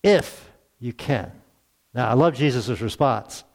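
A middle-aged man preaching a sermon to his congregation, conversational and earnest, asking rhetorical questions and swinging between hushed asides and emphatic raised lines. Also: medium pitch, lively intonation, slow pace, vocal fry. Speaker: pastor.

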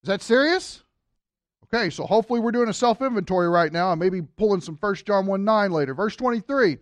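A Bible teacher in a chatty, humorous teaching style who keeps turning to the listeners with asides. The voice sits at a middle pitch, and the recording is dry and close with no room sound. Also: expressive, brisk, dry recording. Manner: joking asides, addresses listeners directly.

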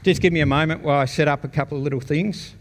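A guest speaker from Australia relates his personal testimony to a church congregation in a relaxed, storytelling manner with frequent chuckles. His fairly high voice is steady and rapid-fire. There's slight background noise and long reverb from the church meeting hall.

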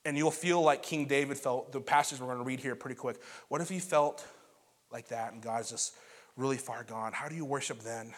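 A man's voice: mid-range voice, a little fast. A man preaching a sermon as pastor, earnest and building to fervent emphasis.

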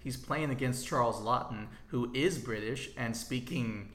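A man's voice: medium pitch, a little slow, a bit bright. A man co-hosting a casual film podcast, explaining old film history in an easy, informative way. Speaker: podcast co-host. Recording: roomy echo.

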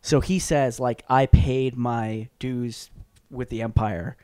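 A man co-hosting a podcast in casual chat, excitable, swearing often and restarting his sentences. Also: mid-range voice, takes it slowly, clear, resonant tone, no room sound, studio quality. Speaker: podcast co-host.

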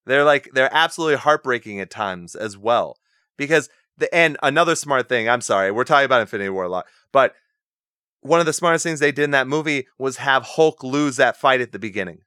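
Guy ranting on a podcast, swears a lot, bright smooth voice, dry sound. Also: medium pitch, expressive, fairly quick, no echo. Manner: blunt, profane, ranting. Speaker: podcast co-host. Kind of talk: casual chat.

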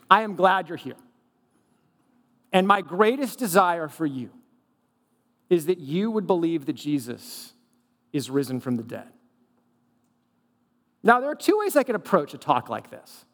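A man's voice: high-pitched, in a large hall. A man preaching a sermon as a pastor, conversational and humorous, asking the congregation rhetorical questions. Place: church sanctuary.

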